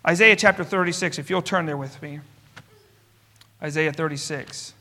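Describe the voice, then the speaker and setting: A man's voice: a little high, normal speed, pushed and bright. A male pastor preaching a sermon, emphatic and driving his points home with repeated parallel phrases. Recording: long reverb of a large hall.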